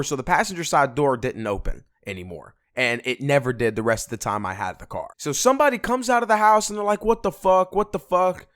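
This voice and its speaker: Swearing, animated young man telling a story. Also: fairly high pitch, dry recording, clean studio sound. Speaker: vlogger. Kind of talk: casual storytime.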